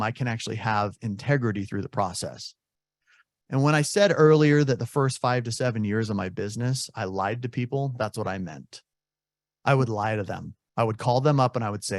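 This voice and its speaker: A man's voice: medium pitch, dry recording, clean studio sound. A man coaching real estate agents on a video call, speaking candidly and acting out sample sales calls.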